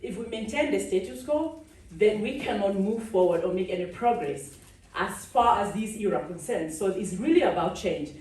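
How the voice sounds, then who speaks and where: A woman from Cameroon giving a lively conference keynote, laughing often and chatting with the audience on stage. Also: mid-range voice, moderate pace. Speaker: keynote speaker. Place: large conference hall. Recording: echoey hall, speaker far from the mic.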